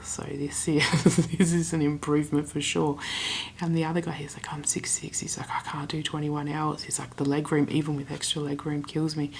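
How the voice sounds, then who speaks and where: A young Australian woman chatting casually in a travel vlog, retelling her conversations with quick asides. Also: low-pitched, little pitch movement, creaky, slight background noise. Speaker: travel vlogger.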